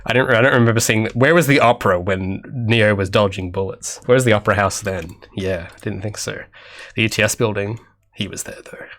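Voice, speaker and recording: Coding on a livestream, a young Australian man chats with his viewers, rambling and cracking self-deprecating jokes as asides to chat. He's an indie game developer whose accent is often taken for Canadian. His lowish, fairly bright voice moves fairly quickly.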